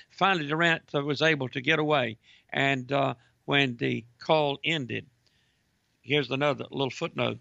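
A man's voice: medium pitch, fairly even intonation, moderate pace, pushed and bright, no room sound. A man hosting a call-in radio talk show, reading news aloud and taking callers. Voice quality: gravelly. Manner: reads news aloud, dramatizes quotes. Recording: muffled lo-fi radio broadcast.

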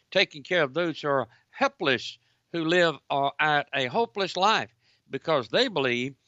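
A man's voice: a little high, pushed and bright, no room sound. A man hosting Christian call-in talk radio, giving indignant, preaching commentary. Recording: dull lo-fi broadcast audio.

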